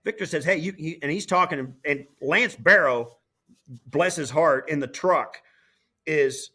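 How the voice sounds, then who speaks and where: A middle-aged man, a former player turned broadcaster, telling a story as an interview guest in an animated way, with frequent restarts. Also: fairly high pitch, a little slow, breathy edge. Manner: animated, lively, full of restarts. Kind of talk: casual storytelling.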